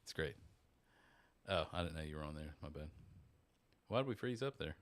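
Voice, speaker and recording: A middle-aged man co-hosting a podcast in casual chat, joking around and breaking into loud bird-call impressions. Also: extremely low pitch, expressive, moderate pace, a little hiss or hum. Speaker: podcast co-host.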